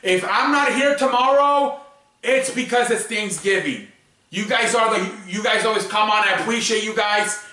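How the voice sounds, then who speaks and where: A man's voice: high-pitched, normal speed, sharp tone. Profane rambling man in an echoey room. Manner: profane, rambling, loose and joking. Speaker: sports show host. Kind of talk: casual solo sports picks talk. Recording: very echoey room, distant mic.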